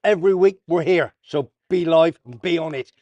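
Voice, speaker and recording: A man's voice: on the high side, moderate pace, a little mellow, no room sound, lo-fi sound. A man hosting a casual sports roundup vlog, full of jokey banter and slang. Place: south of Tenerife.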